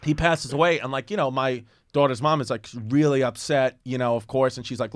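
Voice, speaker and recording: A man's voice: mid-range voice, fairly even intonation, brisk, few pauses, no echo, clean studio sound. A man, telling a long profane story on a podcast and acting out what people said. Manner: profane rambling anecdote with acted-out quotes. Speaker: guest comedian. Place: podcast studio.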